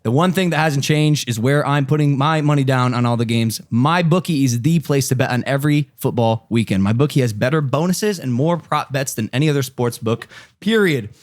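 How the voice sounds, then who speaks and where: A man's voice: mid-range voice, brisk. A man co-hosting a podcast who is sick, joking loosely and reading an ad in a hyped-up voice. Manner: joking, loose, reads ad in hype voice. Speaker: podcast co-host. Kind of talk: casual podcast banter and ad read.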